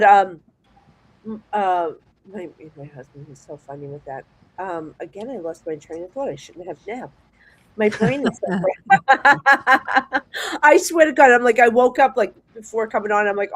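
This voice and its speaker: A middle-aged woman with a New Jersey accent tells stories in a chatty, rambling way, full of restarts. She is a psychic guest on a casual show, and her delivery stays animated throughout. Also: mid-range voice, moderate pace, dry recording, rough recording. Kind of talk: casual storytelling chat.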